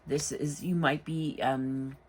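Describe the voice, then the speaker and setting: A woman's voice: low voice, steady tone, takes it slowly, a little hiss or hum. A tired woman giving a casual, rambling tarot reading late at night, full of "you know" asides. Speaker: tarot reader.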